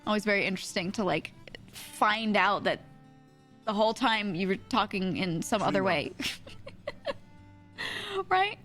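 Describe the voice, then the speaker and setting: Woman streamer from New York, casual swearing chat, mid-pitched, light music underneath. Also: expressive, unhurried, long pauses, a bit bright. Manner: rambling, swears, laughs often.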